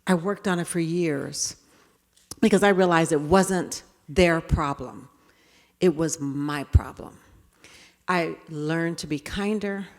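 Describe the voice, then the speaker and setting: A woman speaker telling stories to an audience in an animated way, acting out scenes. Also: low-pitched, takes it slowly. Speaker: keynote speaker. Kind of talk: storytelling talk to an audience. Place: event hall. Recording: reverberant hall.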